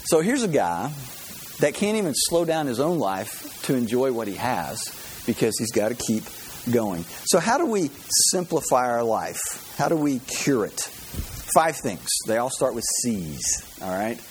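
A man's voice: mid-range voice, sing-song, measured pace, slight background noise. A man giving a conversational sermon to a congregation, acting out the voices of the people he quotes. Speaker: pastor.

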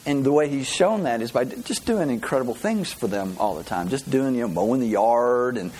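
A male pastor preaching a sermon, telling Bible stories in an animated way and often stringing thoughts together with "and". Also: mid-range voice, fairly quick, slight background noise. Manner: animated, storytelling, with many repeated "and"s.

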